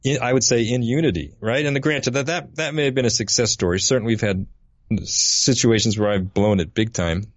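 US man, podcast co-host, halting storyteller, dry and slightly dull recording. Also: medium pitch, dry recording. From United States. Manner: halting, repeats words often. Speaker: podcast co-host, parish catechist. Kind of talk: casual storytelling.

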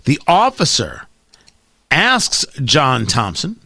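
A man's voice: fairly high pitch, very animated, normal speed, sharp tone, no echo. A middle-aged man hosting a talk radio show, delivering an opinionated monologue in a sarcastic, combative way.

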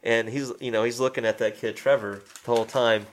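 A man chatting casually about a film, his voice at an ordinary middle pitch. He retells scenes animatedly, jumping into the characters' lines, swearing freely and laughing along the way. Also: steady tone, fairly quick, a little hiss or hum. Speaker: co-host discussing a film. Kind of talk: casual chat.

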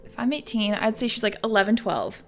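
A woman playing in a tabletop game, relaxed and hesitant with small ums. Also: on the high side, brisk, faint music behind. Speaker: player. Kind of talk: casual tabletop role-play.

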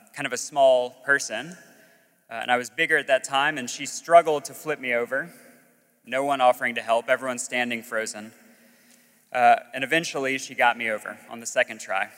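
A man's voice: mid-range voice, pushed and bright, big-room sound. A young man, a school chaplain from the Alabama Gulf Coast, tells a personal story to an audience in a candid, self-mocking way with frequent "uh" fillers. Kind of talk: personal story told on stage.

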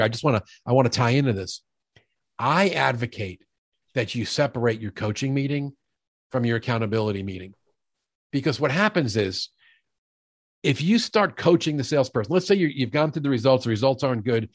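An energetic middle-aged man explains sales management in an emphatic, conversational way and often slips into acted-out dialogue. His voice is recorded close and dry, with no room sound, and sits at an ordinary male pitch. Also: dry recording. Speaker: sales leadership expert guest. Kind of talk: conversational podcast interview.

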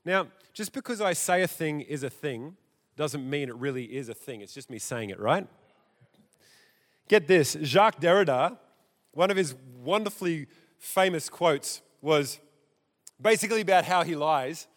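A man preaching a sermon in a church, theatrical and animated, his loudness rising and dropping. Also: on the high side, moderate pace. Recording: echoey church hall.

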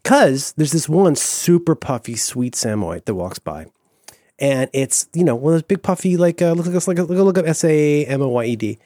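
A middle-aged man talking in a lively, swooping voice that sits a little high, gushing and tripping over his restarts. The recording is close and dry with no room sound. He is co-hosting a casual comedy podcast. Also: normal speed, dry recording. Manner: animated, gushing, mock-wistful, stammering restarts. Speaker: podcast co-host.

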